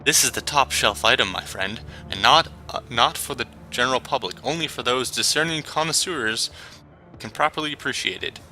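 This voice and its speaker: A man voicing a genial, salesy middle-aged male coffee vendor who talks in smooth, flattering patter. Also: medium pitch, moderate pace, soft background music, poor audio.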